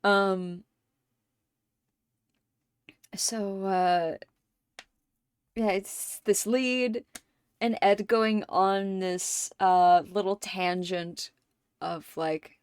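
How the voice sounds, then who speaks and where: A woman hosting a livestream in casual chat, rambling and excitable, and swearing often. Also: medium pitch, very slow, smooth, no room sound. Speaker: livestream host. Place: home streaming setup.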